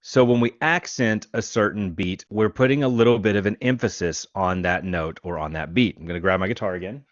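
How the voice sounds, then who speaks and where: A man teaching a music class, counting beats out loud and showing rhythms on guitar. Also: fairly low pitch, brisk, hardly any pauses, dry recording, lo-fi sound. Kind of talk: lecture.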